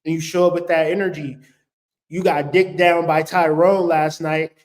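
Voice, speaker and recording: A man's voice: fairly high pitch, steady tone, normal speed. A man giving blunt, profane, joking spiritual relationship advice in a casual talk. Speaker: spiritual vlogger.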